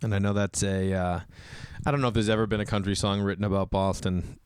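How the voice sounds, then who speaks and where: A hoarse man with a low voice rambles through a casual solo chat as a comedian host, poking fun at himself between fillers. His tone stays smooth and resonant despite the strain, and the sound is dry and close with no room echo. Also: fairly even intonation, fast talker, a little mellow. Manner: rambling, loose, self-mocking with many fillers. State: hoarse, recovering lost voice. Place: home indoors with rain on the roof.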